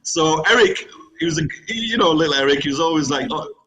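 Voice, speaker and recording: A man's voice: on the high side, expressive, fairly quick, pushed and bright, low-quality recording. A middle-aged man from the United Kingdom, a studio guest telling a rambling story and laughing easily. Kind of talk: casual studio chat.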